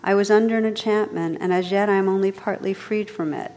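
A woman as Lady Ragnell, soft enchanted noblewoman. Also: steady tone, brisk, big-room sound, close to an everyday voice. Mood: tender. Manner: soft and low. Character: enchanted noblewoman, gentle and dignified.

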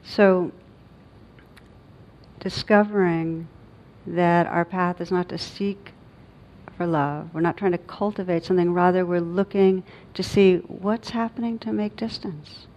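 A middle-aged woman, a meditation teacher, giving a dharma talk in a reflective, halting way with many pauses and fillers. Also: on the low side, fairly even intonation, darkish tone. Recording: dull lo-fi recording.

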